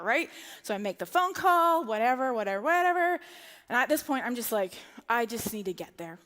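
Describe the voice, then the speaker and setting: A woman preaching, telling a personal story in an animated way and acting out her own lines and other people's lines in a church setting. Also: high voice, brisk. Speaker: pastor. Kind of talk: sermon storytelling. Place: church auditorium. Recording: long hall reverb.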